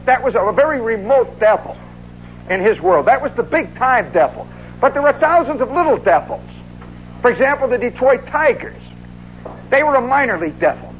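A man spins an animated, folksy story, adding "see" at every turn. His voice sits high for a man. The sound is tinny like an old radio broadcast, with a faint hiss behind it. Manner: animated, folksy, says "see" and "oh, yeah" often. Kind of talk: spoken monologue recollection.

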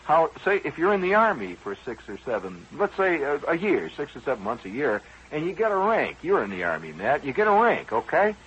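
A man's voice: fairly high pitch, very animated, a little fast, few pauses, a bit bright, muffled recording, slight background noise. A man hosting a radio show, telling a rambling personal story in a conversational, wry way with frequent asides to his listeners.

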